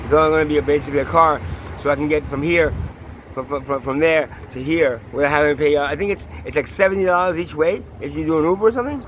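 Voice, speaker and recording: Man, vlog rant: high, bright voice, halting then angry and profane, keeps asking the listener questions. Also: slight background noise. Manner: angry, profane ranting with repeated rhetorical questions; halting with many restarts when calm. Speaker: vlogger. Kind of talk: personal video diary and rant.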